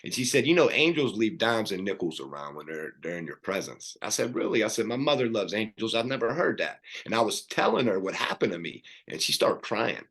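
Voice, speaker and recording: A man's voice: lowish voice, brisk, few pauses. Earnest man telling his life story. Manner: earnest, animated storytelling with many restarts. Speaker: podcast guest. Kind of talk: personal storytelling.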